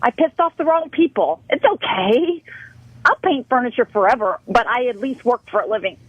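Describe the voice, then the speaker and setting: A woman caller on a talk radio show, her voice pitched high and sounding dry and close. She scolds and pleads with real passion, pressing her point without letting up. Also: lively intonation, moderate pace, breathy edge, no room sound, lo-fi sound. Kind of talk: heated call-in confrontation.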